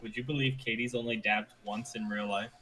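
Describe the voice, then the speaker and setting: A man's voice: fairly low pitch, fairly even intonation, brisk, pushed and bright, a little hiss or hum, rough recording. A male streamer hosting his live stream, talking casually with frequent fillers and easy laughter. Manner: hesitant, many fillers, laughs easily. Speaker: streamer and host. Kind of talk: casual livestream chat.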